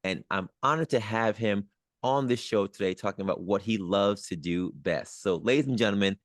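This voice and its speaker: A man's voice: on the low side, normal speed, no room sound, clean studio sound. A man from New York hosting a motivational podcast, speaking earnestly with rising emphasis. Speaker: podcast host.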